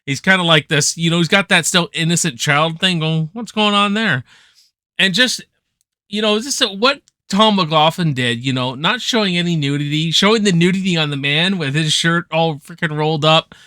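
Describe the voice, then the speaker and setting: A young man giving a casual, excited film review, swearing freely and packed with slang. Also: a little high, moderate pace, no room sound, studio quality. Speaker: movie reviewer.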